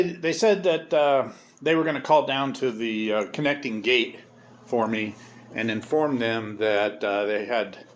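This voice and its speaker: A man telling a story in a casual, rambling way, sardonic and swearing freely, with many pauses and fillers. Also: medium pitch. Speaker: vlogger. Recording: loud vehicle noise behind.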